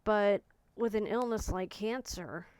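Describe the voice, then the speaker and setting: Smooth-voiced woman in her forties, reflective. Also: medium pitch. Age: 40s. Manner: soft, searching, halting speech with frequent restarts. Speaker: vlogger. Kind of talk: personal reflective monologue.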